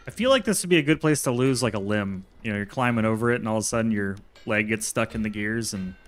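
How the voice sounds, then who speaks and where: A man's voice: lowish voice, fast talker. A man streaming a survival game, chatting to himself in a jokey way and laughing often. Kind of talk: casual gameplay commentary.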